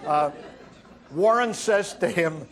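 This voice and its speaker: A man delivering a wry stand-up monologue as host, telling stories and acting out quotes with halting fillers. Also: sits high, lively intonation. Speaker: comedian host. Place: TV studio with audience.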